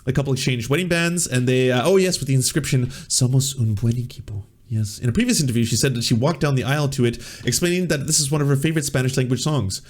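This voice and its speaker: A man delivers sarcastic commentary on video clips in a dry, stammering way. His voice sits at an ordinary middle pitch. He sounds like a host on a comedy stream. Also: quick pace, few pauses.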